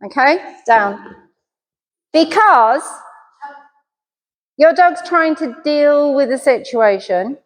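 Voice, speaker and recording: A woman's voice: high voice, slow pace, pauses often. A middle-aged woman, a dog trainer giving a chatty, self-deprecating puppy class. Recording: reverberant hall.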